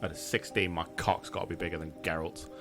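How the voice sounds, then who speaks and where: A man's voice: low-pitched, fairly even intonation, quick pace, fairly bright tone, soft background music. A man playing a tabletop game, joking and laughing often. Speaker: player. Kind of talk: casual tabletop play.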